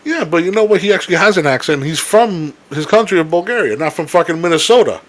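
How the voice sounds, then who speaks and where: A young man co-hosting a casual chat, rambling with halting restarts and swearing freely. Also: sits high, animated, a bit bright. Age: young adult. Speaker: podcast co-host.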